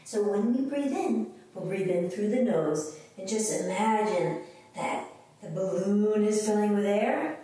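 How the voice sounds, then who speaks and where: Slow, playful woman in an echoey room. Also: medium pitch, a little mellow. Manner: playful, sing-song, makes animal sounds. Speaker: kids' yoga teacher. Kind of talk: children's yoga lesson with singing. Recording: echoey room, voice from a distance, faint noise.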